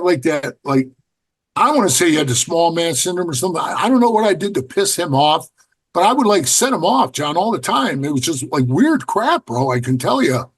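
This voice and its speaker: A middle-aged man with a somewhat high, husky voice tells stories in a blunt, profane way. He acts out what others said to him with lively swings in his voice. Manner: blunt, profane, animated storyteller acting out quotes. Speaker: podcast guest, former biker club member. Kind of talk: casual storytelling interview.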